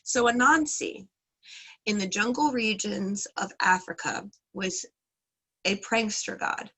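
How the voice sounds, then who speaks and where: A woman's voice: mid-range voice, slow pace, bright, forceful tone, breathy edge, poor audio. A woman teaching a casual class, retelling a folk tale in a chatty, playful way with frequent hedges. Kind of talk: casual lesson with folk storytelling.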